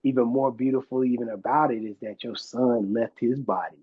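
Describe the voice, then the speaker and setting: Guy hosting a podcast, reflective, kinda raspy, lo-fi sound. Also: mid-range voice, fairly even intonation, fairly quick. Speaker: podcast host. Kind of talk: casual conversation. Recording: slightly dull lo-fi sound.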